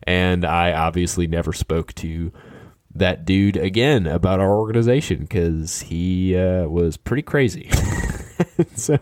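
A man casually telling an anecdote, animated and skeptical, quickly quoting the other people in it. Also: sits low, no echo, studio quality. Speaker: storyteller. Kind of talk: casual storytelling.

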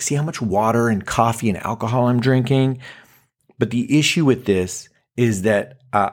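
Host, male, 40s, slightly husky, mid-range voice; chatty, theatrical monologue. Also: medium pitch. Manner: animated, dramatic, self-mocking, swings into acted quotes. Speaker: podcast host. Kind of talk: casual monologue.

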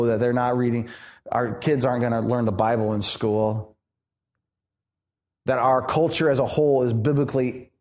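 A man pastor preaching a sermon in an animated, conversational way, asking the congregation questions. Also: mid-range voice. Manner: animated, conversational, acts out quoted voices.

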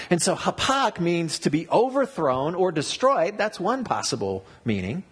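A man preaching a sermon, explaining word meanings and telling stories in an animated way. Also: on the high side, breathy edge. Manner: animated storytelling with wordplay and asides. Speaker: pastor.

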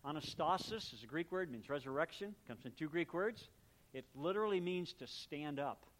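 A man preaching a sermon, explaining words and their meanings in a relaxed, talky way and briefly acting out little exchanges between people. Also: fairly high pitch, normal speed. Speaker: pastor.

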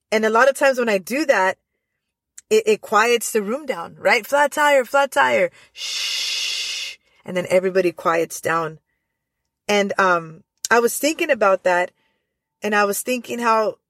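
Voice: medium pitch, a bit bright, no room sound, clean studio sound. A preacher giving a devotional sermon in an earnest, repetitive style, stressing key phrases.

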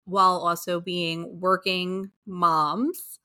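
A woman's voice: fairly low pitch, flat delivery, slow pace, sharp tone. A woman hosting a casual interview, asking questions in an encouraging way. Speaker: podcast host.

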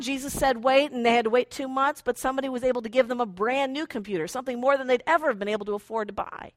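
A woman with a fairly high voice delivers a chatty, conversational sermon. She slips playfully into the voices of thoughts and feelings as she goes, and the recording is dry and close. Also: fairly bright tone, no room sound. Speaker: preacher.

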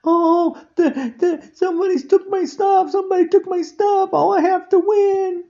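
A man's voice: very high-pitched, steady tone, moderate pace, dark tone, dull audio, pitched above the performer's own voice. A man putting on the voice of a whining, childish grown man, mocking him. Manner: whiny, mocking.

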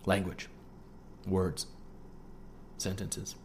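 A man with a somewhat low voice hosts a solo coaching podcast, walking listeners through a writing exercise. He checks in often with "okay?" and mixes earnest teaching with playful asides. A faint background hiss sits under the recording. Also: little pitch movement, very slow, a little mellow. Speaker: podcast host.

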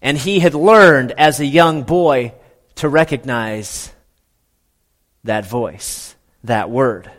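A male pastor preaching a sermon, telling the story dramatically with big swings between loud and hushed. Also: mid-range voice, slow pace.

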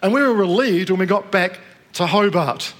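Middle-aged man from New Zealand, sermon, chatty storyteller, slightly high voice, asks the room questions. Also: normal speed, a bit bright. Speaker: preacher. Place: church with live congregation.

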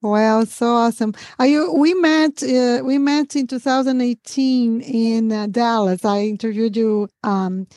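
A middle-aged Brazilian woman hosts an interview in a Brazilian accent touched by a US southern twang. She speaks eagerly, laughs often and restarts her words. Her voice sits high and sounds mellow, recorded dry and close. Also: steady tone, unhurried, hardly any pauses, dry recording. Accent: Brazilian Portuguese with a US southern twang. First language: Portuguese. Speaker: podcast host.

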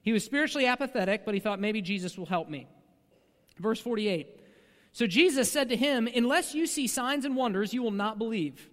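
A man's voice: sits high, brisk, fairly bright tone, in a large hall. A man preaching a sermon as a pastor, talking in a conversational way with frequent rhetorical asides.

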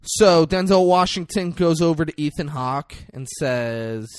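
A man in casual chat, retelling a film scene in an animated, profane way. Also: a little high, measured pace, few pauses, clear, resonant tone, no room sound, clean studio sound.

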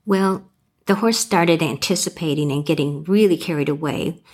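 A woman's voice: low voice, moderate pace, darkish tone, husky. A middle-aged woman who trains horses, co-hosting a podcast in a folksy, storytelling way. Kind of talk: storytelling and casual podcast chat.

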